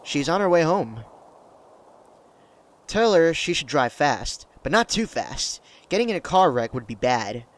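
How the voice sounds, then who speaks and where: A man voicing an earnest, literal-minded young man, speaking a bit louder and higher. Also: very animated, measured pace.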